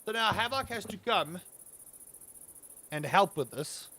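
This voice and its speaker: Streamer: South African man, slightly high voice, chatty and ranty. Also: expressive, unhurried, bright, forceful tone, slightly rough. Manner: chatty, ranting, playful exaggeration. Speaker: live streamer. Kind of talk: casual live game-stream chat.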